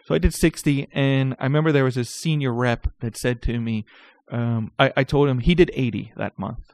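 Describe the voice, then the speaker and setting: A man telling stories about his sales career in a casual, animated way, often stammering and restarting his sentences. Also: medium pitch, brisk, dry recording. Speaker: guest recounting sales career. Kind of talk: casual storytelling.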